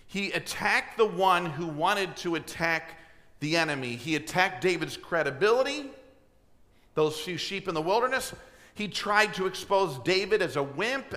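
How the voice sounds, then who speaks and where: A man preaches from a church pulpit in a slightly high, forceful, bright voice. He presses the congregation with rhetorical questions and often clears his throat. His words ring out in a long reverberant hall. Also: animated, normal speed. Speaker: pastor. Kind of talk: sermon. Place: church sanctuary.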